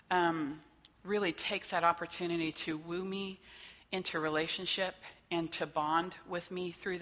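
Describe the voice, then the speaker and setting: Woman teaching a church workshop, kinda low voice but bright, chatty, keeps asking "okay?", big echoey hall. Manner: conversational, checks in with listeners by asking "okay?". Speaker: workshop trainer. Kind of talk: teaching a faith-based training session.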